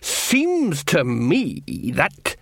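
A man voicing a big, dim male troll doing customs duty in an audiobook, slow and officious. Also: on the high side, wildly swooping pitch, gravelly, a bit bright, no room sound, pitched above the performer's own voice, exaggerated voice.

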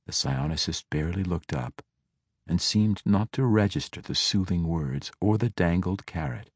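Deep-voiced male audiobook narrator. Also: moderate pace, husky, no echo, studio quality. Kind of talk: scripted fantasy audiobook narration.

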